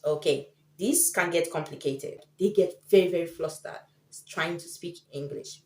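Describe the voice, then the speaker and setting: A woman vlogger chats casually to the camera, giving tips and often acting out the people she quotes. Her voice is low-pitched with a darkish tone, recorded in an echoey room.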